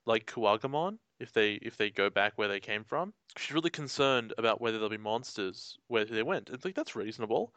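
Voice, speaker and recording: A man's voice: on the low side, expressive, a little fast, hardly any pauses, fairly bright tone, dry recording. Chatty man with a dry, close sound. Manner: chatty, laughs often, acts out quotes. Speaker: podcast co-host. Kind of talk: casual chat.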